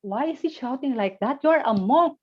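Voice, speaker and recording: A woman's voice: high-pitched, animated, moderate pace, breathy edge, pitched above the performer's own voice. A woman voicing an angry passerby who scolds indignantly, from a dull lo-fi recording. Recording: dull lo-fi sound.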